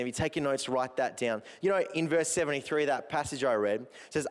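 A man's voice: mid-range voice, brisk, hardly any pauses. A man preaching a sermon to his church, earnest and building in intensity, with touches of self-deprecating humor. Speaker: pastor. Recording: long hall reverb.

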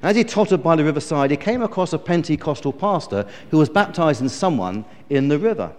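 Male preacher, middle-aged, high-pitched, emphatic storyteller, big church reverb. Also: very animated, quick pace, darkish tone. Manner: storytelling, emphatic, self-correcting. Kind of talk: sermon.

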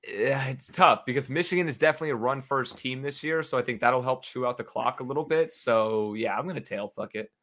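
A man's voice: medium pitch, fairly quick, hardly any pauses, a bit bright. A man in a casual sports betting chat, laid-back and swearing freely, calling the others bro and dude.

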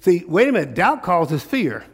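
Preaching in a casual, everyday dialect, this male pastor throws out rhetorical questions to keep his congregation answering back. For a man he sounds a bit high, and his sing-song delivery moves at a moderate pace with a slightly rough edge. A long reverb tail trails his words through the church hall.

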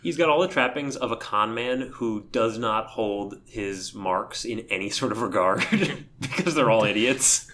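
A man's voice: lowish voice, animated, unhurried, few pauses, fairly bright tone. Chuckling male podcast host. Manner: chuckles often, acts out quotes. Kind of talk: casual chat.

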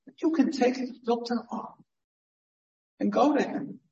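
A male pastor delivers a sermon in a high, unhurried voice. He speaks earnestly and conversationally, leaning on rhetorical questions. The room mic sits far off, so his voice rings through an echoey church hall. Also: a little mellow, dull audio. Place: church sanctuary.

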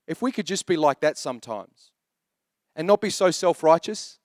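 A pastor in his thirties preaches a sermon in a chatty manner, telling jokey stories with lively intonation. His voice sits on the high side, he talks at a normal speed, and the recording is clean studio sound with no room echo.

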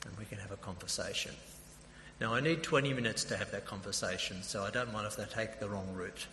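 Sharp-voiced Australian man preaching in an echoey hall. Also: on the low side, brisk. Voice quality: introverted by nature. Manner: conversational, anecdotal preaching. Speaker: preacher and theological college principal. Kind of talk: sermon. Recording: echoey hall with long reverb, faint noise.

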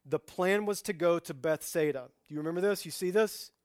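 Male pastor, forties, slightly high voice, chatty sermon delivery with sudden loud peaks, dry close mic. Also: brisk, dry recording. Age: 40s. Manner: conversational preaching, swings from hushed to loud animated outbursts.

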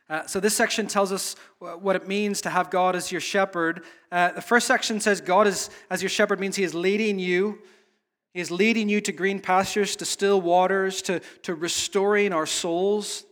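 A man's voice: high voice, fairly even intonation, fairly bright tone. A man preaching a sermon in an earnest, searching way, often restarting his phrases. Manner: earnest, repetitive, halting restarts. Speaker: pastor.

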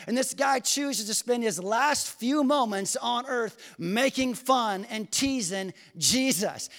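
A man with a high voice delivers a sermon, rising to loud emphasis and dropping to slow, quiet reading. His words ring with the long reverb of a church sanctuary. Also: expressive. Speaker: pastor.

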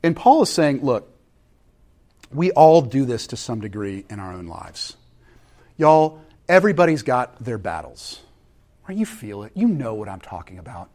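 A man preaching a sermon, animated and dynamic, swinging from loud emphatic lines to hushed, intense ones. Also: mid-range voice, normal speed, pauses often. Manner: animated, shouting voices for crowds, then dropping to quiet intensity. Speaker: pastor.

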